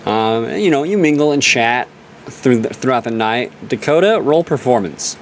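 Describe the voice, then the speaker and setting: A man's voice: medium pitch, normal speed, slight background noise. A man narrating a tabletop game as game master, joking and often restarting his sentences. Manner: animated, joking, self-interrupting.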